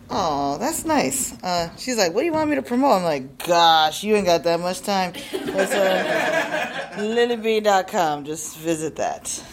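A woman storyteller chats off the cuff before her story, joking and salty in tone. Her voice sits at a middle pitch, and loud noise fills the recording behind her. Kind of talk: live storytelling.

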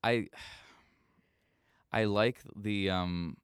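A man's voice: on the low side, steady tone, drawn-out words, smooth, no echo, studio quality. A young man talking as a podcast guest in a rambling, jokey way. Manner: rambling, jokey, slips into mock voices. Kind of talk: casual chat.

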